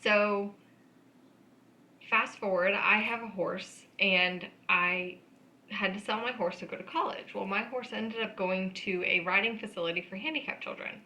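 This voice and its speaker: A woman with a bright, forceful voice co-hosts a podcast. She speaks in an earnest, reflective way as she looks back on her past. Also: mid-range voice, normal speed, low-quality recording. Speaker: podcast co-host. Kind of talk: casual chat.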